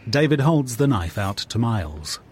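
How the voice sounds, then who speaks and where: A male narrator reads out the stage directions in a plain, matter-of-fact voice. His pitch sits in the middle of the range. A clear hiss runs underneath the whole recording. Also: very animated, normal speed.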